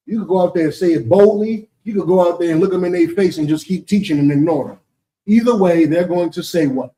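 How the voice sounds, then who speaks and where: A man's voice: on the high side, fairly quick, dark tone, far from the mic, low-quality recording. A man with an American accent teaching and answering questions in a preaching session, emphatic and rhetorical, often asking "you understand?".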